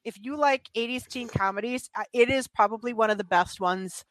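A woman's voice: on the high side, fairly quick, fairly bright tone, dry recording. A woman co-hosting a movie review podcast, chatting enthusiastically and laughing often. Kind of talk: casual chat.

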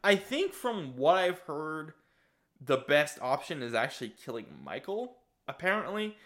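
A man's voice: on the high side, big pitch swings, measured pace, a bit bright. A young man co-hosting a podcast, rambling through a casual chat with lots of restarts and laughs. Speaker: podcast co-host.

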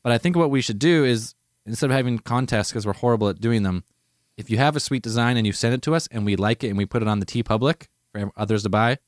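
Relaxed, foul-mouthed male podcast host. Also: mid-range voice, fast talker, dry recording, clean studio sound. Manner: relaxed, swears casually, enthusiastic. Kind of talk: casual podcast chat.

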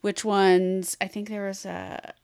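An American woman co-hosting a podcast in loose, casual chat. She tells raunchy stories with lots of laughing, and her voice sounds dry and close. Her pitch sits in a middle range. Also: slow, gravelly, smooth, dry recording. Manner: bawdy, laughing, animated storytelling. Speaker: podcast co-host.

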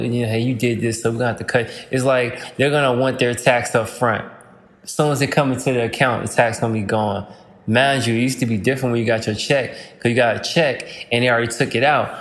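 Rambling slangy man in a reverberant room. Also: medium pitch. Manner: loose, rambling, slangy, breaks into rhymes. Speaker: podcast host. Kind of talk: casual monologue.

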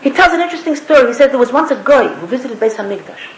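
A woman's voice: sits high, big pitch swings, racing. A woman giving a spoken sermon, emphatic and repetitive, asking the listeners rhetorical questions. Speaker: speaker giving a religious talk. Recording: echoey room.

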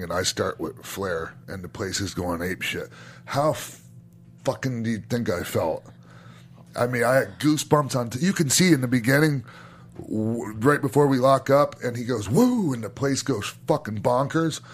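A man's voice: mid-range voice, moderate pace. A middle-aged man, a former wrestler co-hosting a podcast, telling old stories in a casual, enthusiastic way, swearing freely and restarting sentences. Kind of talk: casual storytelling chat.

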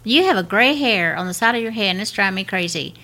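A woman co-hosting a podcast in casual chat, teasing and quick to laugh. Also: medium pitch, animated, sharp tone. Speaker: podcast co-host.

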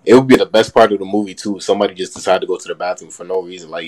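A man's voice: deep voice, steady tone, very fast, darkish tone, low-quality recording. A young man hosting a phone live stream, bantering loosely in slang and laughing often. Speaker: TikTok live host. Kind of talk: casual chat.

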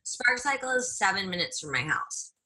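A woman's voice: medium pitch, sing-song, moderate pace, bright, forceful tone. A young woman co-hosting a podcast, chatting casually and telling stories with lots of "like". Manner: chatty storyteller, many "like"s. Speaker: podcast co-host, blogger. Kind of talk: casual chat.

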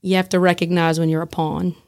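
A calm man of few words, slow and laid-back, speaking in short, unhurried phrases, as a woman retells him in her own voice. He sounds like he has to be coaxed into talking. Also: fairly low pitch, close to an everyday voice. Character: quiet male inmate painter, terse and calm.

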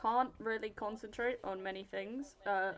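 A woman's voice: mid-range voice, fairly even intonation, normal speed. A teenage girl with an English accent co-hosting a podcast over a video call, blunt and teasing, swearing freely. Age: teens. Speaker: podcast co-host. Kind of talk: casual chat.

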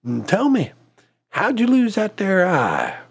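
A man's voice: high voice, wildly swooping pitch, takes it slowly, husky, exaggerated voice. A man voicing a sympathetic man at a bar, who asks courteous, concerned questions in a told joke.

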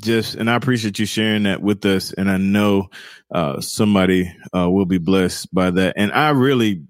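A man's voice: low voice, normal speed, no echo. Affirming male podcast host, dry sound. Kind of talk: interview.

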